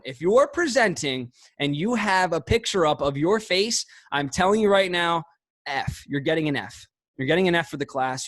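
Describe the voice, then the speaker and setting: A man giving motivational sales coaching on a video call, emphatic and punchy, swinging between fast bursts and drawn-out words. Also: on the high side, no echo. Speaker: sales trainer.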